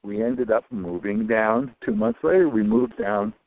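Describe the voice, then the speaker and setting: A retired older man telling a long personal story in an interview, rambling with many restarts and dropping into low, muttered asides. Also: huge pitch swings, a little slow, vocal fry, no room sound. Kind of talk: casual storytelling. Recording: dull lo-fi recording.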